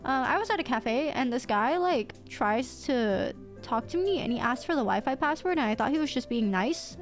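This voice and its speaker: A woman livestreamer with a high-pitched voice tells a story to her chat with lots of animation. She swears casually and bursts into laughter. Faint music plays underneath.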